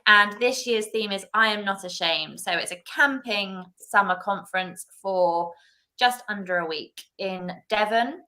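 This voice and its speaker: A woman's voice: mid-range voice, measured pace, sharp tone. A woman hosting a casual church livestream chat, bubbly and laughing often. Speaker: host. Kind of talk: casual live-stream chat.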